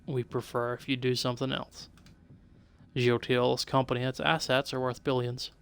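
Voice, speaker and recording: A man's voice: medium pitch, level tone, normal speed, creaky, clean tone, natural voice. A man putting on a scheming demon boss lady, Eastern European accent. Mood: cool, businesslike. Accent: Eastern European, put on. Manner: broken formal English, cool and businesslike.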